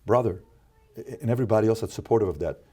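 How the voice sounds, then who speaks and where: Man, from Iran, podcast guest, animated storytelling, acts out quotes. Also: racing, slightly rough. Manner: acts out quoted exchanges with sudden pitch jumps. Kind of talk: animated storytelling interview talk.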